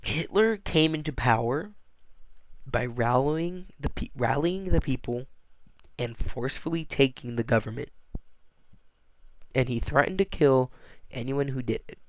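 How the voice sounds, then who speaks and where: A man's voice: mid-range voice, no room sound. A man rambling through a casual monologue, often restarting and tagging on "all right?". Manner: halting, frequent restarts and fillers.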